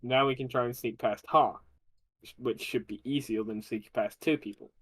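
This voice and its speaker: A man's voice: mid-range voice, steady tone, normal speed, husky. A man playing a tabletop game, eager and impulsive in his plans. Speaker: player. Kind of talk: casual chat at the table.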